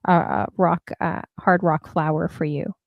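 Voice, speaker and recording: A woman's voice: lowish voice, fairly even intonation, measured pace, creaky, no room sound, muffled recording. A woman hosting a casual live-stream interview, chatty and a bit scattered. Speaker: host.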